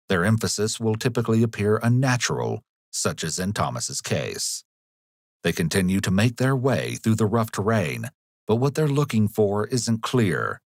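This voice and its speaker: Low-voiced guy doing scripted narration, calm and analytical, dry close sound. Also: dry recording. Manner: measured, analytical. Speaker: documentary narrator.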